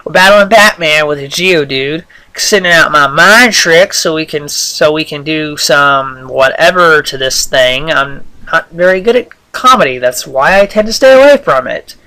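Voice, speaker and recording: Man doing a hammy Southern farmer voice, bright tense tone, put-on drawl, slightly high. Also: expressive, normal speed, hardly any pauses, rough recording. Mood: joking. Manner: exaggerated drawl, rambling.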